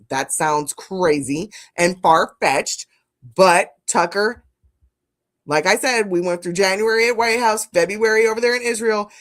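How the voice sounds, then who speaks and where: A woman streaming live, reacting to news clips and chatting with her viewers, blunt and profane, calling them "family". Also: mid-range voice. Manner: animated, blunt, profane, talks to chat as "family". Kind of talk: live-stream commentary chat.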